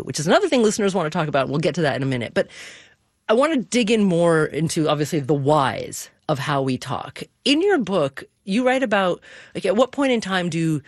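A woman's voice: low-pitched, no room sound, clean studio sound. A woman radio host leading an interview and asking questions. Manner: lively, animated questioning.

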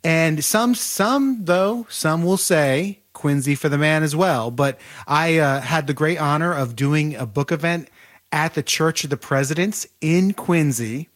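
Man telling history with animated detail. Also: fairly high pitch, measured pace. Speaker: author guest. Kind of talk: podcast interview.

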